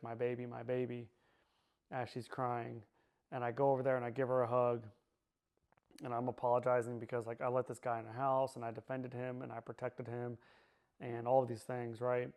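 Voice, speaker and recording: A man giving a personal testimony in a halting way, repeating himself and often pausing with fillers. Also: medium pitch, darkish tone. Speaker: survivor sharing his personal story.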